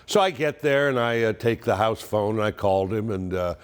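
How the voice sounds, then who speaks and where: A man's voice: fairly low pitch, expressive, fairly quick, clean tone. A man in his seventies telling stories in a monologue, with wry, dry humor. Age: 70s. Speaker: narrator of a yearly family letter. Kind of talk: storytelling monologue.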